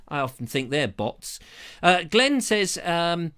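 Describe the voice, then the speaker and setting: A man's voice: on the high side, sing-song, fairly quick, fairly bright tone. A British man hosting a live stream, chatting in a jokey, rambling way as he reads out viewer comments on a lavalier mic. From Britain. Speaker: host of a live show.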